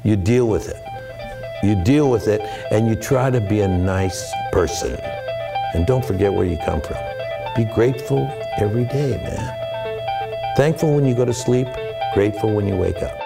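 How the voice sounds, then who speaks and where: A man with a gravelly, fairly low voice speaks at a normal pace over loud music. He is a guest actor addressing a room of students with a live audience, talking candidly and earnestly about his work while mixing in laughs and acted-out quotes.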